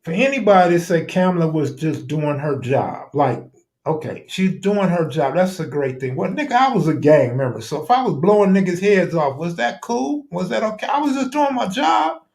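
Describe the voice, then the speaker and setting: A man's voice: high-pitched, normal speed, gravelly. A man making a heated, profane argument in casual live-stream talk. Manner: heated, animated, profane, arguing a point.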